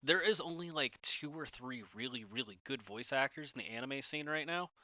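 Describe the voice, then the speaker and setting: A man's voice: mid-range voice, lively intonation, normal speed, bright, forceful tone, no echo, highs cut off. A man co-hosting a podcast in casual chat, rambling with many fillers. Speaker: podcast co-host.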